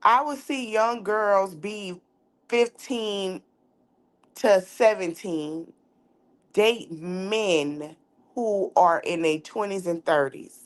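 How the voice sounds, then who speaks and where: A woman's voice: mid-range voice, extremely slow. A woman hosts a casual podcast. Her delivery is candid and outspoken. She acts out each side of a conversation as she tells a story. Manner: outspoken, animated storyteller acting out dialogue. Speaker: podcast host.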